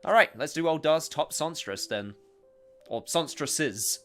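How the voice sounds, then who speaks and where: A man's voice: a little high, animated, unhurried, a bit bright, faint music behind. A man streaming a game, chatting casually and reading its dialogue aloud. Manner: chatty, rambling with restarts.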